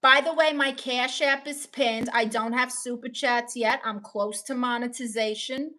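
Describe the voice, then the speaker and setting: A woman's voice: on the high side, steady tone, measured pace, sharp tone. A woman live streamer reading viewer comments aloud and answering them with playful, self-mocking jokes.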